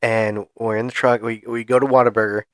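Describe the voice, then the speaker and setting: A man's voice: medium pitch, flat delivery, fairly quick, dry recording, studio quality. A man co-hosting a podcast, telling a story in casual chat with lots of restarts. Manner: rambling storyteller, frequent restarts. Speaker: podcast co-host.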